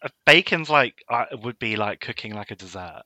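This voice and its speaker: A man's voice: medium pitch, expressive, normal speed, pushed and bright, dry recording. A young man co-hosting a podcast, teasing and cheeky in casual chat, swearing freely. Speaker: podcast co-host.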